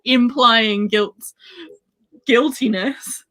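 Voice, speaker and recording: A woman hosts a casual book club chat. She reads favourite quotes aloud and laughs often. Her voice is bright and a little high. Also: very slow. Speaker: book club podcast host.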